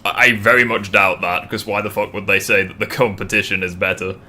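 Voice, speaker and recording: A man's voice: on the low side, steady tone, brisk, pushed and bright. A man hosting a casual gaming stream debate, swearing freely and stammering as he restarts sentences. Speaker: streamer host.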